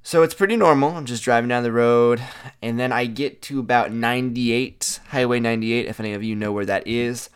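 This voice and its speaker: Young man, mid-pitch, smooth clear voice, animated chatty storyteller. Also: a little fast. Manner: animated, chatty, filler-heavy with "like". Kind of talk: casual storytelling monologue.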